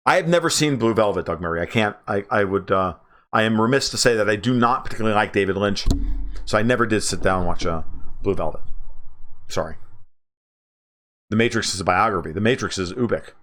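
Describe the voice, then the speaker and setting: Livestream host, man in his forties; casual, profane, emphatic, full of restarts, voice jumps up on excited lines. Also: on the low side, a little fast, long pauses.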